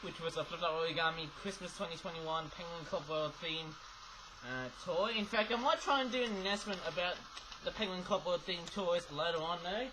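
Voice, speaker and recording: On his own channel, a man with a high-pitched voice casually reviews toys at a fairly quick pace, rambling and tacking "though, eh?" onto his sentences. It's recorded on a webcam, with background noise audible.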